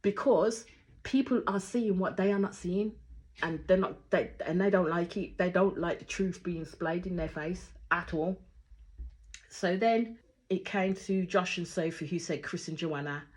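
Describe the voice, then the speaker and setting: A woman's voice: a little slow, darkish tone. Opinionated woman, tinged. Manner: opinionated, acts out quotes with big jumps in pitch and volume. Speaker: reality show reviewer. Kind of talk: casual reaction commentary.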